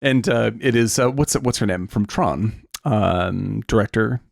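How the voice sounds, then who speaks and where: A man's voice: fairly low pitch, creaky, dry recording, clean studio sound. A man on a film podcast, casually chiming in and agreeing, adding his own takes. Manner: agreeable, quick to chime in with yeahs and rights. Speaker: podcast co-host.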